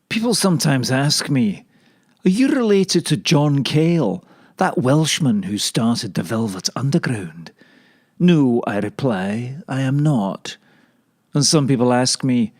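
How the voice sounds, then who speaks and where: A man voicing a rambling old male kale leaf, telling stories in a dry deadpan comic monologue. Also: medium pitch, no room sound. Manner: dry deadpan, drawn-out delivery.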